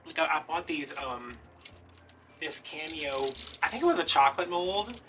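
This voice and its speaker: A man's voice: a little high, bright, forceful tone, far from the mic, slight background noise. A man, hosting a craft video and telling rambling, playfully dramatic stories. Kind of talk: casual storytelling while crafting.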